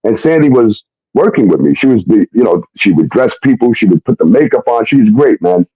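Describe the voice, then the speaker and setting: A man's voice: fairly low pitch, expressive, brisk, dark tone, slightly rough, dry recording. Blunt rambling man, muffled dry audio. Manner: rambling and blunt, heavy on fillers and swearing. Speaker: guest telling a personal story. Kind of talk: casual storytelling.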